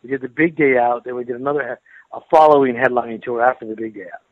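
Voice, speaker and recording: An American man talks about his career over a phone line that sounds thin and boxed-in, with no room around him. His speech is loose and friendly, full of repeated words and quick laughs. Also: mid-range voice, dry recording. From United States. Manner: relaxed, chatty, laughs often, repeats words. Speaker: interviewed metal guitarist. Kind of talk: casual phone interview. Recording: tinny dry phone line.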